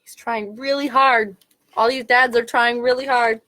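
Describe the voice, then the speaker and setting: A woman's voice: a little high, steady tone, unhurried, bright, forceful tone. A woman as a children's librarian, reading picture books aloud in a playful way, making animal sounds.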